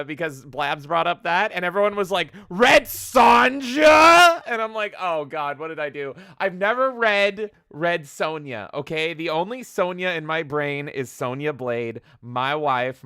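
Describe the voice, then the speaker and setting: Male gaming podcast host, excitable and profane, bright crisp voice, dry close sound. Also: a little high, dry recording. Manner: excitable, swears, rapid exclamations. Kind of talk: energetic casual chat.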